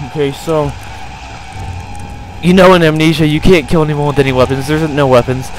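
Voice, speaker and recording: A man's voice: fairly high pitch, fairly even intonation, normal speed, soft background music, rough recording. A young man commentating a horror game, jumpy and panicky, often crying out in fright. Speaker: gameplay commentator.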